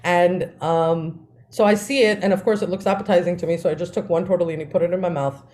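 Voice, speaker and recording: A woman, co-hosting a podcast and telling family stories in a lively way, often laughing. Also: on the low side, quick pace. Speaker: podcast co-host. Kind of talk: casual storytelling.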